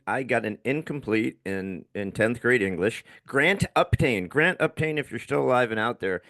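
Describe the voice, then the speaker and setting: A man hosting a podcast tells a story in a relaxed way, laughing often and slipping into other people's voices. His voice is gravelly and swings lively up and down, and the recording sounds close and dry. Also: fairly low pitch, dry recording. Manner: laid-back, laughs often, acts out voices. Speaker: podcast host. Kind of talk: casual storytelling.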